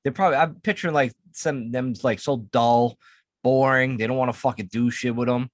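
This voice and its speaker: A man's voice: medium pitch, fairly even intonation, a little fast, no echo. Laid-back man, dry close sound. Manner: laid-back, profane, rambling. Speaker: podcast co-host. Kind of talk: casual podcast chat.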